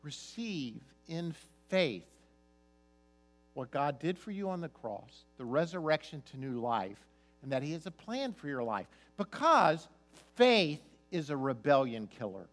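A man preaching a sermon as pastor, telling stories, his voice swinging from loud emphasis to soft, quiet asides. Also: a little high, sing-song, unhurried, faint music behind.

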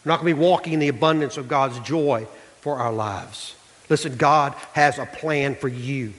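Speaking at normal speed in a medium pitch, this male pastor fills a big church sanctuary with sound. His sermon is animated and emphatic, building up to near shouts.

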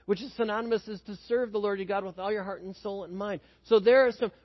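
A man's voice: high voice, steady tone, fast. A man preaching a sermon in a conversational way, often asking the congregation questions as he tells a story. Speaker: pastor. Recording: dull sound with long hall reverb.

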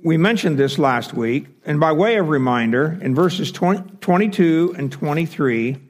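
A man's voice: a little high, expressive, normal speed. A man teaching a Bible class, explaining step by step with fillers and self-corrections.

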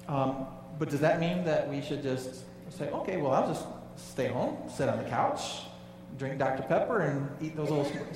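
Male pastor, sermon, slightly high voice, emphatic, questions to the congregation, echoey church hall, heard from a distance. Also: slight background noise. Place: church sanctuary.

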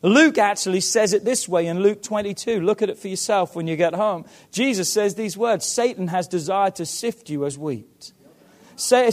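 High-pitched preacher guy, slow and dramatic, goes quiet then fired up. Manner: dramatic, swings from hushed to loud and fervent; acts out Bible dialogue with stammered repeats. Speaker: pastor. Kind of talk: sermon.

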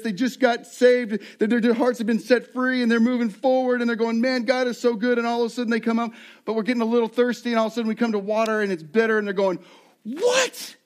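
With a very high voice, a middle-aged man serving as lead pastor delivers a lively sermon and acts out the voices of the people in his stories.

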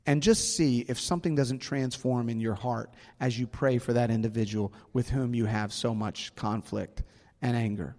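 A man preaching a sermon as pastor, earnest and slowing down to stress key words, in a church sanctuary. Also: mid-range voice, fairly even intonation, darkish tone. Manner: earnest, slows down for emphasis. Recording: long hall reverb, faint music.

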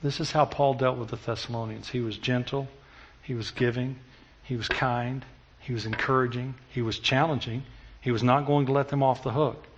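A middle-aged man preaching a sermon, telling stories and moving between loud emphatic passages and hushed, intimate ones. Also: medium pitch, steady tone, moderate pace, a little hiss or hum. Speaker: pastor.

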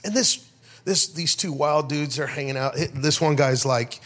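A middle-aged man preaches a sermon in an animated, storytelling way. His speaking voice sits somewhat high for a man. He often breaks off to call out to his congregation. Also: measured pace. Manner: animated storyteller, rhetorical calls to the crowd. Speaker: pastor.

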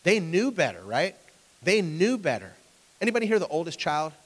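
A man's voice: a little high, very animated, moderate pace, a bit bright. A man in his thirties preaching a conversational sermon, asking his listeners questions and acting out voices in his stories. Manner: conversational, asks the audience questions; acts out voices in anecdotes. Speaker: pastor. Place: church hall with an audience. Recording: long reverb of a hall.

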